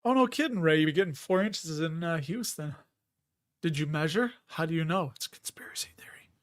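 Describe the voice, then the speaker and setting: A man's voice: a little high, expressive, moderate pace. A middle-aged man casually chatting on a livestream, reading viewer comments, laughing often and restarting words. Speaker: livestream host.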